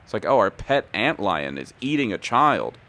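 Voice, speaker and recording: A man's voice: fairly low pitch, big pitch swings, normal speed, pushed and bright. A man giving casual, joking commentary while he plays a video game, laughing often and reading the game's dialogue aloud. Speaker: gaming streamer. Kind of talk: casual let's-play commentary.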